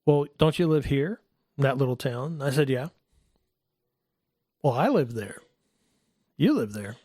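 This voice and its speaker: A middle-aged man telling a personal faith story in a casual talk, animated and acting out the voices of the people in it. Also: unhurried, no room sound, clean studio sound. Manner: animated, acts out quoted voices in a higher pitch. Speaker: guest telling his testimony.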